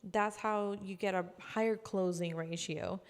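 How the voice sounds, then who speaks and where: A woman giving casual sales training, chatty, acting out customer calls in quick voices. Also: mid-range voice, steady tone, clear, resonant tone, big-room sound. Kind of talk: casual instructional talk.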